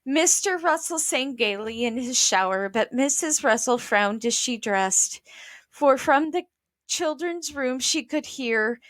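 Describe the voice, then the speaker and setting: A woman with a fairly high voice reads a children's storybook aloud at a very unhurried pace. She takes her time over each line, explaining unfamiliar words for young listeners, and the sound is dry and close with little room echo. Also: expressive, a bit bright. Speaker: children's book reader. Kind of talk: reading a children's book aloud.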